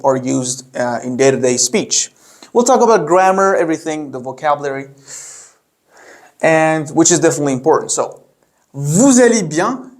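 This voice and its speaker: A man teaching a beginner language lesson, explaining slowly with many fillers and restarts, and modeling phrases for learners to repeat. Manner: models phrases with a raised pitch for repetition. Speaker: French teacher.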